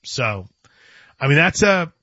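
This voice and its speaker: A man's voice: on the high side, big pitch swings, slow, lo-fi sound, crowd noise. A man hosting a sports radio show, chatting casually and often restarting his sentences. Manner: chatty, stumbles and restarts, laughs.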